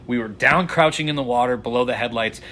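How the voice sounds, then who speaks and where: A man's voice: mid-range voice, fast talker, sharp tone, a little hiss or hum. A man who guides fly fishing, telling stories casually in a podcast interview, rambling with many fillers.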